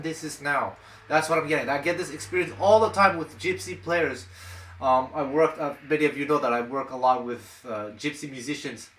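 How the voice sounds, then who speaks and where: A man's voice: fairly high pitch, a bit bright. A man teaching jazz guitar in a casual, chatty way, wandering off into side stories as he talks. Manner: chatty and digressive, many restarts. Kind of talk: casual talk to camera. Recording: echoey room.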